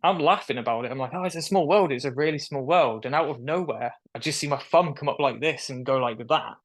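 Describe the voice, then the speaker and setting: A young man tells his story in a casual, animated way. His voice sits at a middle pitch. He is on a video call and jumps into the voices of the people he quotes. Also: fast talker. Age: young adult. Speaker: guest.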